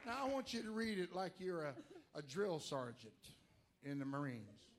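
A man preaching a sermon to a congregation, animated, moving from quiet asides to loud emphatic lines. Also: fairly high pitch, moderate pace, a faint crowd.

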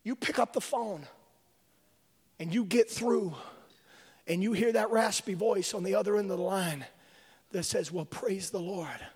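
A male preacher delivering a sermon, swinging from hushed whispers to shouting. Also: high-pitched, a little slow, pauses often, slightly rough. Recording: long reverb of a large hall.

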